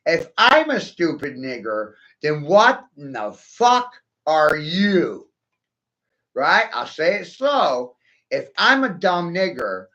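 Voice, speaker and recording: A man's voice: medium pitch, a bit bright, lo-fi sound. A man ranting to his viewers in a profane, sarcastic monologue, taunting them with rhetorical questions. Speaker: vlogger.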